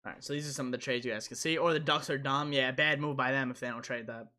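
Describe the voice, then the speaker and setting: A man's voice: medium pitch, fairly even intonation, fast talker, pushed and bright. A young man hosting a casual live stream, rambling and repeating himself as he answers chat.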